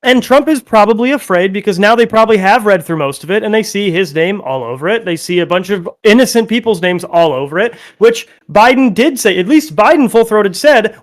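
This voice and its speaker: A man's voice: high-pitched, animated, fairly quick, hardly any pauses. A man on a political panel, speaking bluntly and heatedly with frequent profanity.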